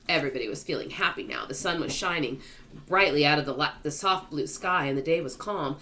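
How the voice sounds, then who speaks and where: A woman's voice: low-pitched, fairly quick, sharp tone. A woman reading a children's novel aloud to students, narrating expressively.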